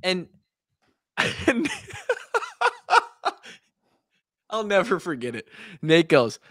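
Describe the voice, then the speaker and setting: A young man from Iowa, a former player co-hosting a podcast, tells a story in a lively, swearing, casual way and acts out the quotes. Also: high voice, very slow, no echo, studio quality.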